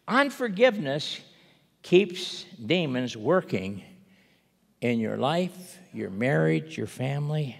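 A man's voice: a little high, takes it slowly, gravelly, long reverb tail. A man preaching a sermon as a guest speaker, telling a parable with emphatic, acted-out dialogue. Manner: animated storytelling, acting out parable dialogue, emphatic. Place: church sanctuary.

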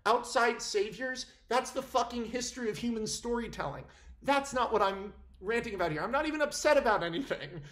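A vlogger giving a casual opinion rant to camera, animated and incredulous, often breaking into laughter and cutting themselves off mid-sentence. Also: medium pitch, fairly quick. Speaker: film commentary vlogger.

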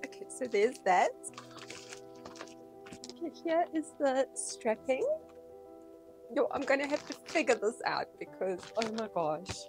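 A woman vlogging casually from her small home dance studio, excitable and gushing as she talks to the camera. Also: on the high side, slow pace, pauses often, faint music behind. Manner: excitable, gushing, breathless with delight. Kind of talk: casual vlog unboxing.

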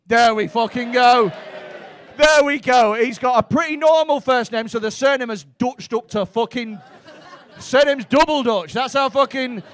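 A man's voice: extremely high pitch, normal speed, dry recording. A young man doing stand-up crowd work, brash and teasing, with plenty of swearing, on a comedy club stage. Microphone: handheld stage mic.

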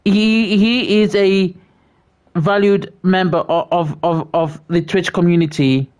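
A British livestreamer talks slowly in a medium-pitched voice with fairly even intonation. He chats casually, reads viewers' messages, and gives friendly shout-outs, though he stammers and repeats words a lot.

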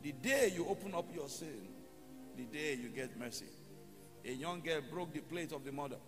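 A man with a high-pitched voice preaches a sermon, telling stories and leading the congregation in prayer. His voice carries a long church-hall reverb, with faint music underneath. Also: expressive, moderate pace. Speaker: pastor.

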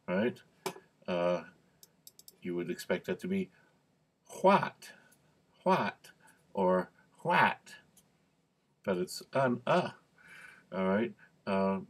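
A man teaching cued speech, explaining vowel and consonant sounds in a relaxed way, repeating example words and stopping on fillers. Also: lowish voice.

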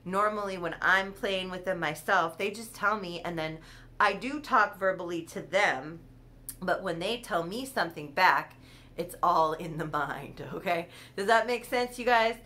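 A woman's voice: on the low side, a little slow, sharp tone. A woman chatting casually on her own vlog, rambling and giggling as she goes. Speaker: doll collector hosting her channel.

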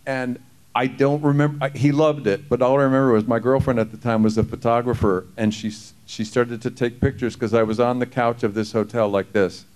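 At a convention panel, an actor with a medium-pitched voice tells lively stories, quickly acting out other people's voices and laughing readily.

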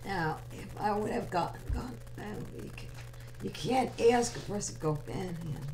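A woman's voice: lowish voice, animated, normal speed, darkish tone, a little hiss or hum, poor audio. Rambling young woman hosting a live radio chat. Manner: rambling, teasing and bantering with listeners. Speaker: online radio show host. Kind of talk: casual live chat with listeners.

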